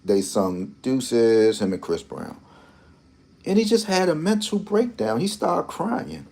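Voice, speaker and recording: A man's voice: medium pitch, huge pitch swings, measured pace, warm tone. A man hosting a lottery channel, talking in a rambling, repetitive, teasing way with speech. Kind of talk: casual commentary.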